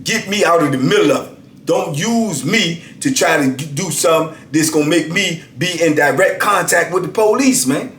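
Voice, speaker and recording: A man's voice: fairly high pitch, moderate pace, slight background noise. Emphatic storytelling man in his fifties. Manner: animated, emphatic, repeats "you know what I'm saying". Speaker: storyteller host. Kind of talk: casual storytelling. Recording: roomy echo.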